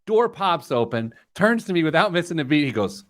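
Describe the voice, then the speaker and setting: A man's voice: fairly high pitch, brisk, dry recording, clean studio sound. A man hosting a podcast, telling stories and joking in casual chat. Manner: jokey, storytelling, animated. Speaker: podcast host.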